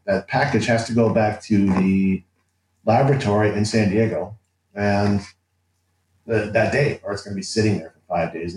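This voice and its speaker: Animated man in a roomy echo. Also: fairly low pitch, slight background noise. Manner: animated, laughs often, acts out quotes with restarts. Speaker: interview guest. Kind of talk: casual anecdotal storytelling.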